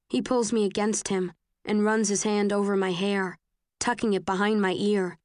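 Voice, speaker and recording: A woman reading a first-person novel aloud in a measured, even way. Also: mid-range voice, dry recording, studio quality. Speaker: audiobook narrator.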